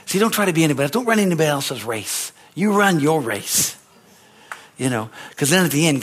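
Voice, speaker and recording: Fervent preaching man, pitched a bit high. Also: a little fast. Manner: animated storytelling, climbing to excited shouts; repetitive, emphatic phrasing with call-and-response. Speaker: pastor. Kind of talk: sermon.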